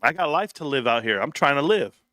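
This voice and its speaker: Bright-voiced man chatting on a livestream. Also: mid-range voice, lively intonation, brisk, dry recording, studio quality. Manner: profane, laughing, loose storytelling. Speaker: livestream host. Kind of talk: casual livestream chat reading comments.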